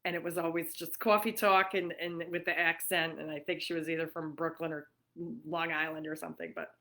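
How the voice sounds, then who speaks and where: A woman's voice: low voice, flat delivery, a little fast. A middle-aged woman from New York hosts a casual livestream chat from her living room, talking freely with frequent fillers and laughs. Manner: chatty, warm-hearted and laughing often, with many fillers. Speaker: livestream host.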